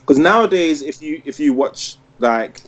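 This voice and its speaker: A man's voice: fairly high pitch, expressive, normal speed, lo-fi sound. A man in his thirties hosting a casual podcast, talking with enthusiasm and rambling through many restarts and likes. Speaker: podcast host. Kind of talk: casual podcast review chat.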